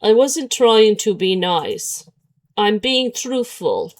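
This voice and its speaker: A woman voicing a terse, unemotional male biker love interest, with a slow, flat, deadpan delivery. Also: sits high, full character voice.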